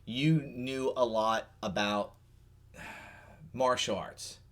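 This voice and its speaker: A man's voice: medium pitch, fairly even intonation, extremely slow, fairly bright tone. A middle-aged man hosting a casual talk show, rambling and restarting as he chats and patiently explains things. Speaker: podcast host. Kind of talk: casual chat.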